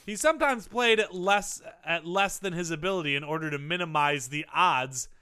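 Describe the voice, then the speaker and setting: A man co-hosting a comedy podcast, reading out trivia and cracking deadpan jokes. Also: on the high side, normal speed, clean tone. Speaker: co-host.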